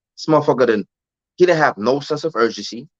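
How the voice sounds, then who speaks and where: A man's voice: mid-range voice, fairly quick, dry recording. A man, telling a candid story as a podcast guest in streetwise slang. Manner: streetwise slang, often adds "you know what I'm saying". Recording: dull, dry lo-fi recording.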